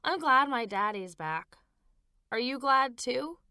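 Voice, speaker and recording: Lady doing a high bouncy little boy, eager and chatty, audiobook, dry close sound. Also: sing-song, slow pace, no echo, full character voice. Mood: excited. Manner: bright, bouncy, high-pitched.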